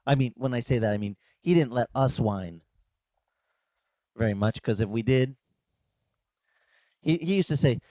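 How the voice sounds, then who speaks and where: A male pastor giving a conversational, animated sermon and acting out dialogues. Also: mid-range voice, normal speed, pauses often, dry recording. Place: beach church service, outdoors.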